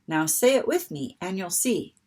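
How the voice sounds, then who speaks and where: A woman reading the lines of a gentle, reassuring father in a children's story. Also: on the low side, normal speed. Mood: comforting. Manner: calm, comforting.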